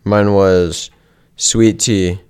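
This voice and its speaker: A man's voice: low-pitched, steady tone, very slow, a little mellow, clean tone. A young man co-hosting a casual podcast, laughing often and poking fun at himself. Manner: laughs often, self-deprecating. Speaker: podcast co-host. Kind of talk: casual chat.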